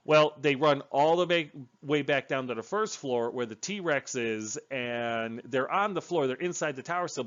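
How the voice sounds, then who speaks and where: A male book reviewer with a mid-range, slightly bright voice casually recaps a book's plot, rambling and correcting himself along the way. He is chatty and uses fillers, and the recording sounds muffled.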